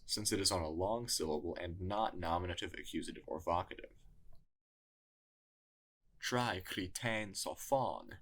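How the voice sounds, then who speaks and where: A man narrating a scripted language lesson in a measured teaching tone. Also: low-pitched, bright, forceful tone, breathy edge. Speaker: tutor.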